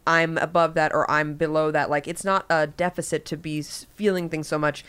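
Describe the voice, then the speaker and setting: Lively low-voiced woman podcaster. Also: a little fast, clean tone. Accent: New York. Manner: animated, acts out quotes in varied voices. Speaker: podcast co-host. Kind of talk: casual comedic chat.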